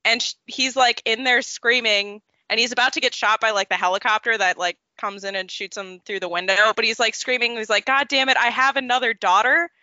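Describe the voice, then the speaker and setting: A woman's voice: fairly high pitch, fairly even intonation, brisk, hardly any pauses, bright, forceful tone, no echo. A young woman, a guest on a podcast, chatting and telling stories with self-deprecating humor. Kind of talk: casual podcast chat. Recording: slightly dull lo-fi audio.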